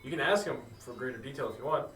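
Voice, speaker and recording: A man's voice: medium pitch, expressive, very fast, a bit bright. Man game master, hesitant tabletop narration, recorded far off in a roomy space. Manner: hesitant, filler-heavy narration. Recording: echoey room, far from the mic, faint music.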